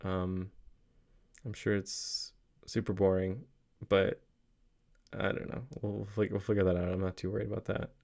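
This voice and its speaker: A young man with a lowish voice speaks in a casual, reflective vlog meant for his children. He rambles earnestly, often stopping and restarting his sentences, with plenty of fillers. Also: little pitch movement, normal speed, vocal fry, a little mellow. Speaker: father vlogging a daily reflection.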